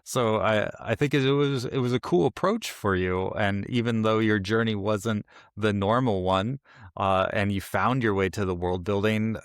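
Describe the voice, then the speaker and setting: A smooth, resonant man with a lowish voice hosts a casual interview. He agrees readily with his guest and winds his way into long, loose questions, recorded close and dry. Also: no room sound. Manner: affirming, rambling questions. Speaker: podcast host.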